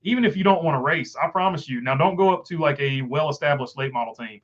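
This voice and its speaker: Here a Southern country-accented man talks fast in a voice on the high side, going through viewer comments on a relaxed live stream. He rambles and says "uh" constantly, and the audio is lo-fi.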